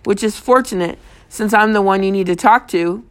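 A woman reading an audiobook, voicing a male police detective who speaks in a calm, measured, reassuring way. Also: mid-range voice, close to an everyday voice.

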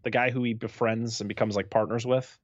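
A man's voice: medium pitch, fairly even intonation, a little fast, no room sound. A man as a podcast guest, chatting casually and agreeably, thinking aloud. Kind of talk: casual chat. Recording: dull lo-fi sound.

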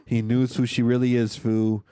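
A man hosting a podcast, casually recapping a movie in slangy, excitable storytelling full of swearing. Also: mid-range voice, normal speed, smooth, no room sound, clean studio sound. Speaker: podcast host.

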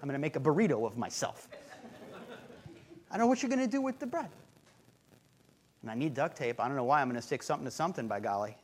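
A man's voice: mid-range voice, slight background noise, voice pushed down, natural voice. A man playing a panicky shopper who rambles about hoarding bread and bottled water before a storm. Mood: frantic. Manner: frantic, rambling, rapid-fire.

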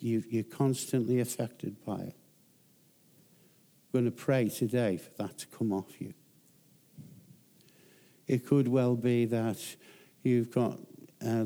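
A man preaching a sermon as a guest pastor, telling Bible stories emphatically. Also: mellow. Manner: storytelling, emphatic, rises in pitch for emphasis.

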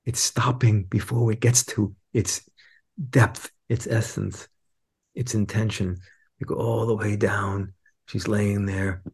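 A man speaking as a guest teacher in a reflective podcast conversation, an animated storyteller who acts out quotes in a raised voice. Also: lowish voice, slow pace, breathy edge.

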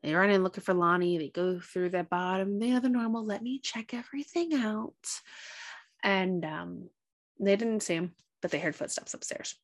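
A woman with a mid-range voice talks at a normal speed. She's co-hosting a podcast and casually retelling a movie's plot, animatedly acting out the characters' lines as she goes.

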